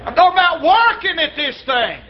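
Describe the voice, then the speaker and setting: Male traveling preacher, very high voice, folksy storytelling sermon with shouted peaks, slightly muffled recording. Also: very animated, a little fast, crowd noise. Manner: folksy preacher, acts out dialogue, breaks into shouts. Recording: slightly dull lo-fi church recording.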